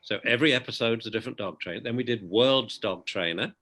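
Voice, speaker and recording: A man's voice: mid-range voice, fast talker, bright, forceful tone. A man, a dog trainer guest on a video call, telling anecdotes casually and often adding "you know".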